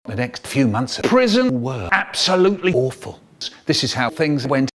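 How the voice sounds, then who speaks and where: A man telling a comic story, dramatic and expressive. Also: moderate pace, a loud crowd. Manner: expressive, dramatic swoops in pitch.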